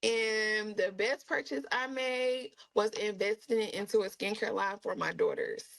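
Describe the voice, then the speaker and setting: A woman being interviewed as an influencer, chatting casually and telling animated stories, often slipping into playful voices and laughing. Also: medium pitch, unhurried, creaky, poor audio.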